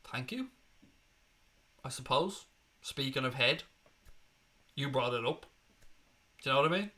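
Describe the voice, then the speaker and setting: A man's voice: medium pitch, normal speed, sharp tone. A man hosting a football fan channel, reading viewer comments aloud and answering them in a blunt, sweary, chatty way. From Northern Ireland or Ireland. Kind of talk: casual livestream chat.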